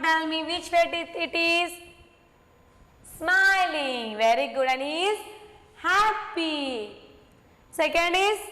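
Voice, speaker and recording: A woman's voice: very high voice, sharp tone. A woman, teaching young children through a worksheet, coaxing and repeating simple words. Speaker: kindergarten teacher. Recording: echoey room.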